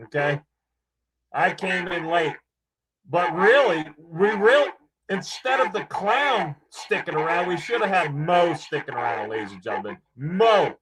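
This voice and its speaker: Husky man mockingly addressing "ladies and gentlemen". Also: high voice, sing-song, unhurried, rough recording. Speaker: co-host. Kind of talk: mocking showman commentary.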